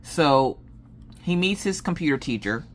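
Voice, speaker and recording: A woman's voice: sits low, animated, measured pace, slight background noise. Rambling, chatty woman telling a story. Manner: rambling storyteller with many fillers. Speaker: craft vlogger. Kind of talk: casual chat while crafting.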